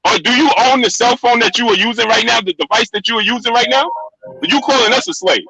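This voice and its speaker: In a poor-quality recording with crowd noise, a middle-aged man argues on a live stream, repeating himself insistently and talking over the other person. His voice is extremely high, fast and gravelly.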